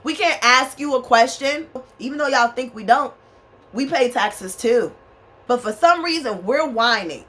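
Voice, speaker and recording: A fan hums in the small bedroom where the woman vlogs, her slightly high, bright voice taking on a sing-song quality at normal speed. Her rant to camera is angry, profane and emphatic, and she speaks to her viewers as y'all.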